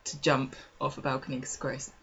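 A woman's voice: rumbling low, fairly quick, husky, dull audio. A woman co-hosting a podcast, retelling a soap with sarcastic asides. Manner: sarcastic, animated retelling with acted quotes. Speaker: podcast co-host. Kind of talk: casual soap recap chat.

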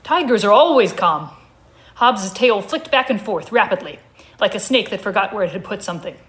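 A woman reads her comic story aloud at a live show, keeping the narration dry and deadpan. Her pitch sits in the middle range for a woman. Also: fairly quick. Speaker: comedic reader.

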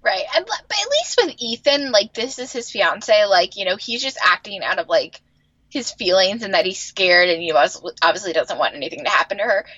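A woman co-hosting a podcast recaps a TV episode in casual chat, speaking a little fast on a muffled, slightly rough recording with no echo. She's exasperated, swears as she reacts, and her pitch swings lively.

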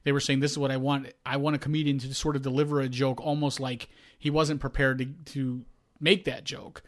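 A man's voice: mid-range voice, flat delivery, a little fast. A man co-hosting a casual comedy podcast, teasing and prodding his co-host along.

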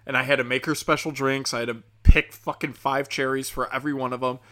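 A young man who has had a few drinks rambles through a crude, profane comic rant. His voice is bright and sharp, and his talk is full of fillers and restarts. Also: mid-range voice, little pitch movement, fast talker. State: tipsy from drinking. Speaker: comedian and podcast host.

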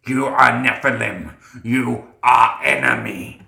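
A man voicing a hostile, slimy fishman leader who speaks in slow, broken, bubbling phrases. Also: medium pitch, steady tone, sharp tone, roomy sound, exaggerated voice. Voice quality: gravelly, bubbling. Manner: slow, halting, broken speech. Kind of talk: audiobook character voice.

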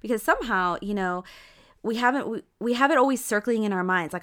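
A woman's voice: medium pitch, a little fast, a bit bright. A woman co-hosting a podcast in casual chat, chatty and full of fillers, often acting out what she and her friends said. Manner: chatty, full of fillers and quoted self-talk. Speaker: podcast co-host.

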